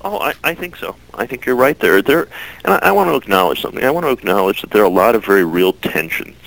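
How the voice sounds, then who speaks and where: Earnest male interview guest, gravelly and animated. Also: on the low side, fast talker, rough recording. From United States. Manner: earnest, repeats words when starting phrases. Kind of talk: interview answers.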